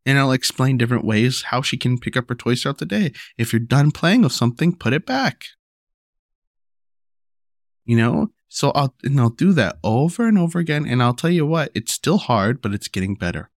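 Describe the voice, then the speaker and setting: A young man talking casually about raising his daughter, rambling and restarting, repeating "you know" and "right?", and going higher when he acts out what he tells her. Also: lively intonation, a little fast, hardly any pauses, no room sound, clean studio sound. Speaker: father sharing parenting advice. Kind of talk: casual monologue to camera.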